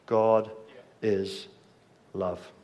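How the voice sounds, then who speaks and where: A man preaching a sermon, slow and measured, letting his voice drop softly at the ends of phrases. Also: lowish voice, flat delivery. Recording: long hall reverb.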